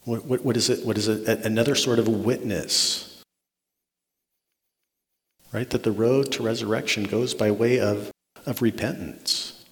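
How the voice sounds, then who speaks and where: A man's voice: fairly low pitch, fairly even intonation, unhurried, long pauses. A man preaching a sermon as a pastor, earnest, often restarting words and checking in with "right?". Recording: long reverb of a large hall.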